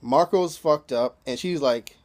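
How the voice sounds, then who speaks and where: A man in a laid-back spoken recap of a TV episode, his voice sitting a little higher than most men's. He talks loosely and swears freely, leaning on "you know" over and over and breaking into small chuckles as he retells scenes. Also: unhurried. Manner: loose and profane, constantly says "you know". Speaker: TV episode reviewer.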